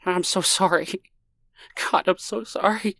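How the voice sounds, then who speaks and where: Man voicing a panicked middle-aged man, strained voice, trembling, higher than usual. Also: measured pace, a bit bright, no room sound. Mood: sobbing.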